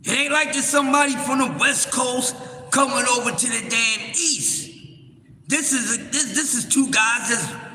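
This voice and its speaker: A man hosting a live stream, recapping a boxing press event and cursing out a troll in his chat in a heated, shouting manner. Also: extremely high pitch, normal speed, faint music behind. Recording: echoey room with long reverb.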